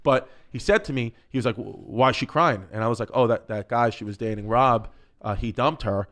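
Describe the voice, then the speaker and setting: A man tells rowdy family stories on a podcast in an animated, swearing way. His voice sits at a middling pitch. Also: brisk. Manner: animated, swearing, breaks into laughter. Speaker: comedian. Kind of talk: storytelling on a podcast.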